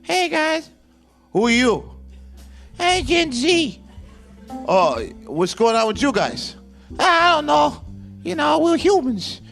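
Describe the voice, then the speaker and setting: A man putting on a high, floaty Gen Z voice. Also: very animated, slow pace, gravelly, long pauses, fairly bright tone, soft background music, heavily acted. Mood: airy, lofty. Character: airy young Gen Z person, vague and lofty.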